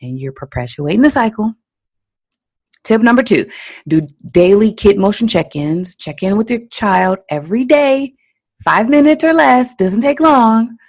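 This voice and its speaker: Slow gravelly-voiced woman coaching parents. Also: a little high. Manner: animated, teacherly, laughs at own stories. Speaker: parenting coach and podcast host. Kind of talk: solo podcast advice talk.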